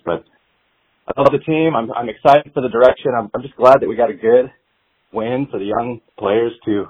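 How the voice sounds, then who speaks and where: A man's voice: mid-range voice, husky. Breathless male caller on a tinny phone line. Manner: rambling, excited fan talk. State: a little out of breath. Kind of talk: phoned-in voicemail.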